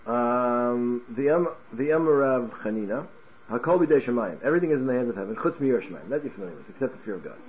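A man teaching a Talmud class in an animated way, firing off rhetorical questions and restarting his words. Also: mid-range voice, fast talker, muffled recording. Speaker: Torah teacher.

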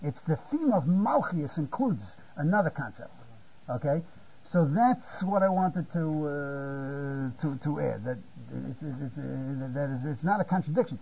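An older man giving a spontaneous Torah lecture, halting and repeating words, often checking with "you see?". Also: a little high, mellow, slightly rough. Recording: muffled lo-fi recording.

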